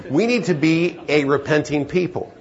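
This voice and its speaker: A man's voice: fairly high pitch, moderate pace. Earnest male preacher, dull lo-fi sound. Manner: earnest, emphatic, rising to urgent pleading. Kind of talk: sermon.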